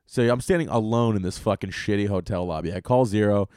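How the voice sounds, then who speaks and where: A young man hosting a solo podcast, telling rambling, profane comic stories with bursts of loud excitement. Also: fairly low pitch, quick pace, no echo, clean studio sound. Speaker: podcast host and stand-up comedian.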